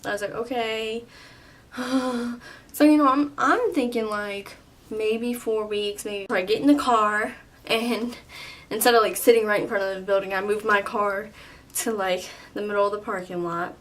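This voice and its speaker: A woman in her twenties telling a storytime vlog, animated and full of "like", with some swearing. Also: mid-range voice, unhurried, distant mic. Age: 20s. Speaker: vlogger.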